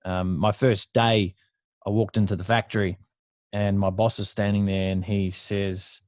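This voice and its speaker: A man's voice: fairly low pitch, level tone, a little slow, a little mellow, no echo. An Australian man in his thirties, a podcast guest, telling stories from his past in a blunt, profane, casual way with frequent laughs. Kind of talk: casual storytelling interview.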